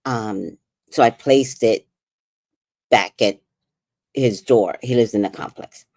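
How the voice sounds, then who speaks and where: With a bass voice and a slow pace, recorded dry at studio quality, a middle-aged podcast host relates a personal story casually. She laughs as she goes and animatedly imitates the people she quotes using put-on voices.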